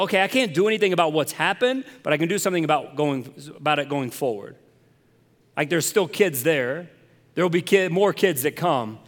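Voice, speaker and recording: A pastor delivers a sermon in a conversational, earnest way, often climbing into passionate emphasis. His voice sits somewhat high for a man. The sound rings with the long reverb of a large hall.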